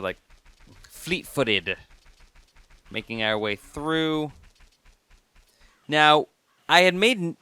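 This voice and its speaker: A man's voice: mid-range voice, fairly bright tone. A man giving casual, jokey gameplay commentary as a let's play host, chatting to the game as he plays.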